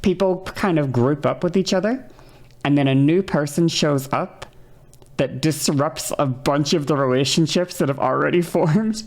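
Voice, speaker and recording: A woman streamer reacts to a video in casual chat, rambling and interrupting herself at a moderate pace with a darkish tone. Every so often she acts out quoted lines in a higher voice.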